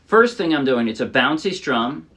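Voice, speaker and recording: A man's voice: medium pitch, very animated, normal speed, over loud music. A man casually teaching ukulele, chatty and demonstrative, often correcting himself mid-sentence. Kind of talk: casual tutorial talk. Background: ukulele playing.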